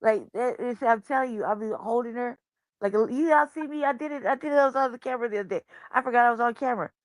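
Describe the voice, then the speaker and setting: A woman with talks loosely and animatedly, swearing without a filter and sliding into soft baby talk. Her voice sits a bit high and is recorded close and dry, with no room sound at all. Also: fast, dry recording. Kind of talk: casual profane chat.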